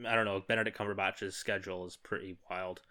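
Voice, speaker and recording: A man's voice: deep voice, level tone, quick pace, sharp tone. A man co-hosting a film podcast who chats casually and gives blunt opinions, swearing freely. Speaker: podcast co-host.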